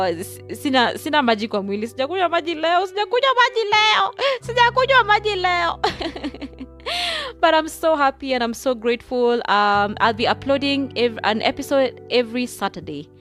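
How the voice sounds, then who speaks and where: A young woman with a Kenyan accent hosting her own podcast, talking in a chatty, effusive way and mixing English with Swahili. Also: mid-range voice. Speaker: podcast host. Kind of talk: casual solo podcast monologue.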